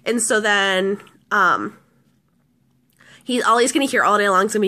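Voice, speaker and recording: A woman's voice: mid-range voice, normal speed, sharp tone. A woman vlogger telling a story casually, rambling with lots of restarts and fillers.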